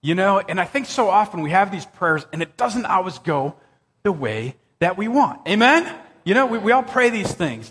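High, lively preacher in a big hall. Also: male voice. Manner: animated, excitable storyteller who jumps to high exclamations. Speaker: pastor. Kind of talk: sermon with personal storytelling. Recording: long reverb of a church hall.

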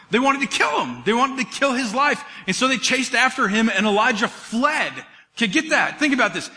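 Guy pastor preaching, jokey and animated, high voice, echoey hall. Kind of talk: sermon.

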